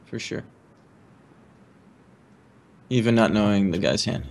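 A man co-casting a live card-game match with quick play-by-play calls. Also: lowish voice, vocal fry. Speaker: esports commentator.

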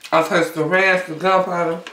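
A woman's voice: fairly low pitch, little pitch movement, normal speed, a bit bright, a little hiss or hum. A woman hosting a casual eating show, chatting and humming over her food between bites. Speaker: mukbang host. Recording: echoey room, a bit far from mic.

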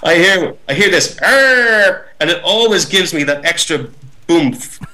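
A middle-aged male actor in a casual interview, telling behind-the-scenes stories in a lively way. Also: fairly high pitch, normal speed, rough recording. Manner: lively storyteller, acts out voices. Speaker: actor guest.

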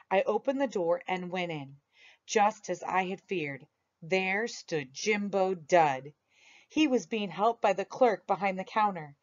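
Woman reading a story, expressive, dull lo-fi recording, mid pitch. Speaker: reader. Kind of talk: reading a children's story aloud.

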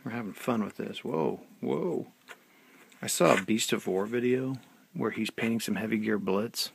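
Gravelly-voiced man rambling at his hobby desk. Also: on the low side, moderate pace, a little hiss or hum. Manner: chatty, self-deprecating, trails off mid-sentence. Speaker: hobby channel host. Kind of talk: rambling casual hobby vlog.

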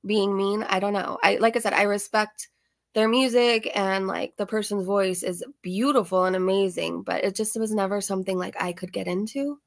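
Woman doing casual reaction commentary, sarcastic, laughs a lot, voice a bit strained, mid pitch. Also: steady tone, moderate pace, creaky. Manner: chatty, sarcastic, laughs often. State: voice slightly strained from screaming. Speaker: reaction channel host.

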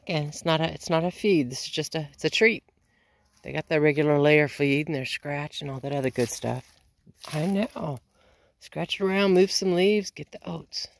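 Woman homesteader, low voice, a little sick, relaxed rambling chat about her chores, dry close sound. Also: normal speed, no echo. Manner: relaxed, rambling with many ums. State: sick, under the weather. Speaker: homestead vlogger. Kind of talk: casual chat while doing chores. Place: outdoors on a small farm.

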